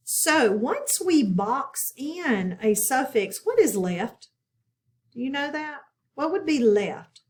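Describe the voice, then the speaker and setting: A woman teaching a phonics lesson, patiently sounding out words and asking her students questions. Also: a little high. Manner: encouraging, asks the class questions, repeats words slowly. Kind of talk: slow, patient classroom instruction.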